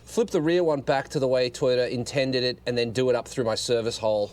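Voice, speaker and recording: This man's medium-pitched voice is slightly mellow, fairly even in intonation, and a little fast, with slight background noise. Filming his garage vlog with an external mic on an action camera, he works under a car, grumbling, swearing, and making fun of himself.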